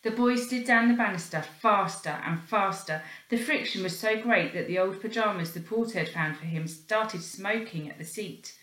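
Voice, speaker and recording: A woman reading a children's storybook aloud in an expressive, animated way, acting out the sound effects. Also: mid-range voice, moderate pace, few pauses, roomy sound, poor audio.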